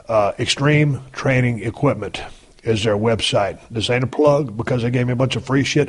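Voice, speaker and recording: A man in his fifties hosting a podcast, talking in a casual, blunt and heavily profane folksy monologue. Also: medium pitch. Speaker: podcast host.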